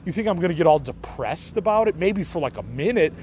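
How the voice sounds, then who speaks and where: A middle-aged man from the Chicago area rambles through a profane podcast monologue and shrugs things off. His voice sits a bit high for a man. Faint traffic hums in the background outdoors. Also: expressive, quick pace, darkish tone, rough recording. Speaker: podcast host.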